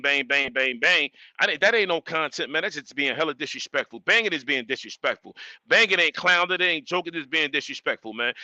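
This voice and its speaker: A man's voice: fairly high pitch, no room sound. A man hosting a live stream, ranting emphatically and repeating his points. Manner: animated, emphatic, repeats himself. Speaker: livestream host.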